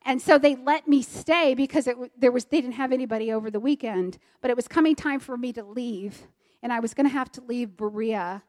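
A middle-aged woman from Maryland giving an earnest personal testimony, swinging between loud and soft. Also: fairly high pitch, fairly quick. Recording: long hall reverb.

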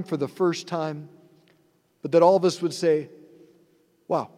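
A man's voice: high voice, dark tone. A man, a priest, giving a sermon in an earnest, conversational way with rhetorical asides. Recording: long hall reverb.

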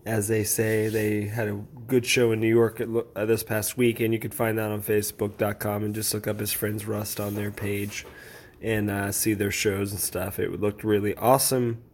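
A man hosting a casual late-night solo podcast, rambling in a relaxed way with jokes and asides. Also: fairly low pitch, normal speed, a little hiss or hum. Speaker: podcast host.

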